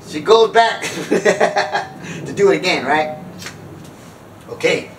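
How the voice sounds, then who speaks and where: A man's voice: fairly high pitch, animated, takes it slowly, fairly bright tone, roomy sound, distant mic, a little hiss or hum, rough recording. A man telling a funny story and preaching, acting out other people in squealing voices and laughing at his own jokes. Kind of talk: comic storytelling monologue.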